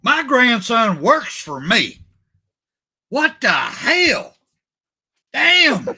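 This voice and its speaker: Older man cohost, bright husky voice, high, joking banter. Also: wildly swooping pitch, drawn-out words. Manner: joking, self-mocking. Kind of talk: casual chat.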